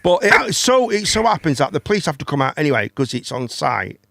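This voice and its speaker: A man's voice: a little high, big pitch swings, brisk, creaky, heavy background noise. A man, hosting a casual chat and telling a long story, rambling, swearing and repeating words. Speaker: host.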